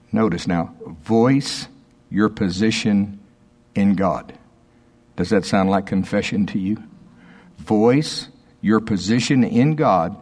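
A male pastor preaching a sermon, reading quotations slowly and emphatically with asides to the congregation. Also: lowish voice, a little mellow, breathy edge.

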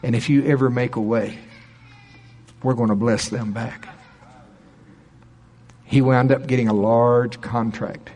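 A middle-aged man preaching, telling a story in an animated way and acting out quoted people with a raised voice. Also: medium pitch, measured pace, long pauses. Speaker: pastor. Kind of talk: sermon storytelling.

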